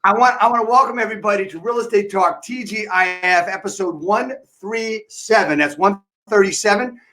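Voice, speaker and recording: A man's voice: sits high, brisk, pushed and bright. A man hosting an interview show, rambling and restarting his questions. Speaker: host. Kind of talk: casual interview chat.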